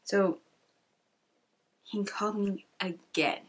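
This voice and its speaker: A young woman from California telling a casual storytime, chatty and sassy, full of "like" with soft whispered asides. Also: medium pitch, takes it slowly, slightly rough. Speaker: YouTuber.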